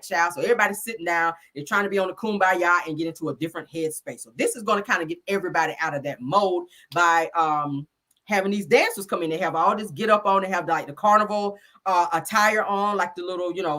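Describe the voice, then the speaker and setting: A woman's voice: on the low side, a bit bright. A woman giving a sassy, chatty casual recap of a reality show, calling her listeners honey and child.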